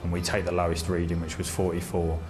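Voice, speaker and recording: A police officer telling an amused story of a night shift in an interview. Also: male voice, deep voice, level tone, fast talker, over music. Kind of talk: interview recollection.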